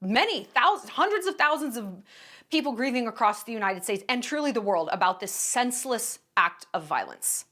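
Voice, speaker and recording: A woman's voice: a little high, big pitch swings, brisk, a bit bright. A woman giving casual opinion commentary in a blunt, profane and emphatic way, sarcastic and indignant. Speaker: commentary vlogger.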